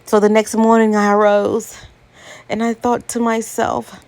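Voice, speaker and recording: A woman telling a dramatic first-person story in an unhurried, deliberate way. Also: on the high side, level tone, darkish tone.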